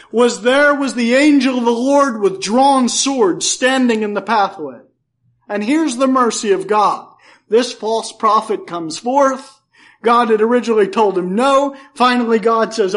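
A male pastor teaching a Bible passage in a sermon, retelling it as a folksy story with humorous asides. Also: high-pitched.

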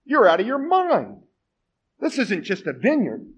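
A man's voice: high voice, wildly swooping pitch, racing, a little mellow, husky, pitched above the performer's own voice, heavily acted. A man doing an indignant devout vineyard owner. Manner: indignant, rising.

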